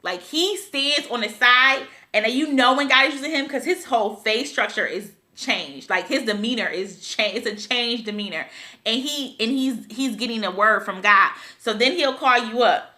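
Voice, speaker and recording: Tearful, high, bright-voiced woman vlogger. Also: moderate pace. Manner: tearful, rambling, laughs through tears. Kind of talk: emotional personal storytelling.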